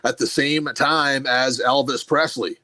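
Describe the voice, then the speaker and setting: Bright, halting man hosting a call-in. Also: mid-range voice, steady tone, dry recording. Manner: halting, reading from notes. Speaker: host. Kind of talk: mock-serious interview.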